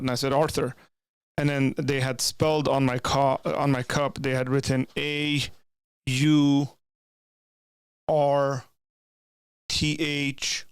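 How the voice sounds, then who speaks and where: A young man chats with his stream viewers in a loose, rambling way, often restarting his sentences. His voice is gravelly and fry-filled at an ordinary pitch. The sound is close and dry, from a desk microphone. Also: no echo. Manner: rambling, many restarts and asides. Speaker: streamer reading chat. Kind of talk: casual live-stream chat. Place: home room with bookshelves. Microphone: desk microphone, leans in close.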